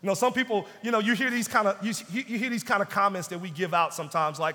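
High, bright-voiced preaching man. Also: fairly even intonation, racing, hardly any pauses. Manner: emphatic preaching, repeats phrases, drops to hushed tones. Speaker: pastor. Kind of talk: sermon. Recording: long hall reverb.

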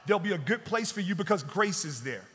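A man pastor preaching a sermon with emphasis, repeating key phrases and dropping to hushed tones. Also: high-pitched, animated, quick pace. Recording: long hall reverb.

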